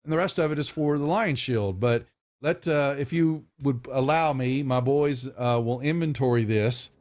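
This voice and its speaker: A man's voice: medium pitch, moderate pace, darkish tone, natural voice. A man voicing a fussy, courteous middle-aged merchant and father, rambling along politely as he plays host. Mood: hospitable. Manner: hospitable and bustling, rambling politely. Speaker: character voiced by the game master.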